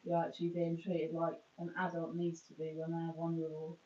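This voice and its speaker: A woman's voice: on the low side, monotone, brisk, warm tone, slight background noise. A woman streaming live, chatting casually while she does her makeup, rambling and breaking off mid-sentence. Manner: chatty, rambling, self-interrupting. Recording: roomy, distant, dull sound.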